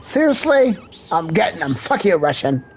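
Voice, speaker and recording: Profane gamer goofing around, up and down voice, gravelly, slow. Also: medium pitch, big pitch swings, slight background noise. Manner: loud, profane, joking banter. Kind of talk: casual gameplay commentary.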